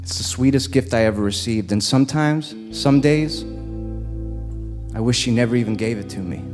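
A man telling a personal story live on stage, slow and deliberate with dramatic pauses. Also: mid-range voice. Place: stage before a live audience. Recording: long reverb in a live hall, soft guitar behind.

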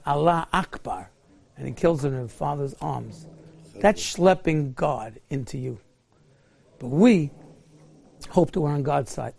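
A man's voice: on the high side, gravelly, darkish tone. A man giving a sermon as a rabbi, telling stories in a fervent way and sprinkling in Yiddish and Hebrew words.

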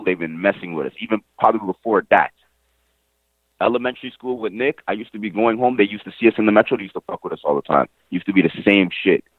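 A young man from Montreal speaks in casual, emphatic slang, repeating phrases for weight and swearing now and then. His voice sits a bit low. It comes through a thin, phone-like line with no room sound. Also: no echo. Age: young adult. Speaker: interviewee, nephew of the deceased. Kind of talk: casual, heartfelt storytelling.

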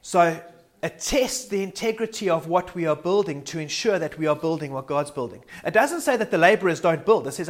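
A man delivers a sermon with earnest conviction. His voice sits a little higher than most men's. He reflects aloud as he speaks and sometimes stumbles and restarts a word. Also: expressive, a little fast. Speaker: preacher.

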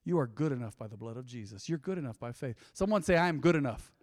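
Animated man preaching a sermon. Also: medium pitch, fast, dry recording. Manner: animated, preaching with sudden loud swells and quiet drops. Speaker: pastor. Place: church.

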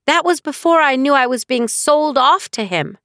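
A woman's voice: high voice, lively intonation, moderate pace, fairly bright tone, dry recording, studio quality, voice pushed up. A woman voicing a defiant young noblewoman who argues with heated, pleading protests in an audiobook. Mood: indignant. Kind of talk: audiobook character reading.

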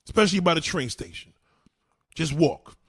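A man delivers a crude, emphatic rant on a casual livestream. His voice sits a little high and sounds husky. His pitch swoops widely as he hammers each point home. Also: lively intonation, normal speed, fairly bright tone. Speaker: livestream host.

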